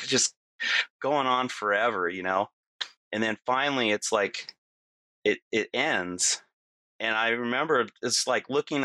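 A middle-aged man telling a personal story in a casual, animated way, full of "like" and "you know". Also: mid-range voice, no echo.

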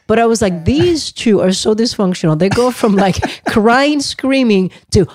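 A woman co-hosting a casual family podcast, telling animated stories and acting out her family's lines. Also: a little high, normal speed, no room sound. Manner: animated storyteller, acts out family members' lines. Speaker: podcast co-host.

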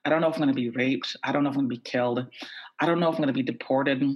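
A man from the United States telling a tense personal story with animated, repetitive buildup. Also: mid-range voice, rapid-fire.

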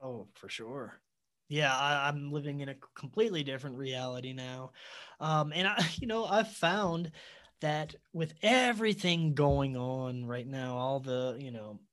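Excitable man telling a story. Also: mid-range voice, a little slow. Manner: excitable, with laughs and sudden loudness swings. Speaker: podcast guest. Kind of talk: animated personal storytelling.

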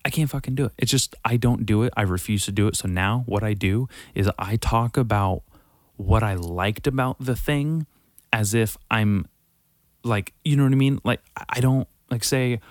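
A man's voice: on the low side, moderate pace, dry recording, clean studio sound. A man hosting a solo podcast, rambling casually, swearing constantly and correcting himself mid-sentence. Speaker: podcast host.

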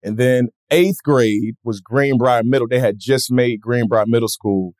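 A man's voice: mid-range voice, unhurried, no room sound. Guy comedian in an interview, story after story, puts on voices, dry close sound. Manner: animated, acts out voices in his stories. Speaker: comedian guest.

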